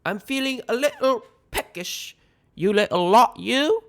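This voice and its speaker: A man reading a young woman's lines in an audio screenplay, talking down to her boyfriend in a soft, condescending voice. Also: fairly high pitch, big pitch swings, fairly quick, voice pushed up. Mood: mock-British teasing. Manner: condescending, mock British accent at times.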